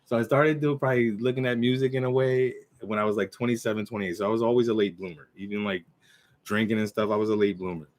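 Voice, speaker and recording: A man's voice: fairly low pitch, steady tone, darkish tone. Rambling man in his forties. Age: 40s. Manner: rambling and loose, with many restarts and throat clearing; recites his own verses in a slow, measured cadence. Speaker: channel host. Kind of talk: casual talk to camera. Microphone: computer mic.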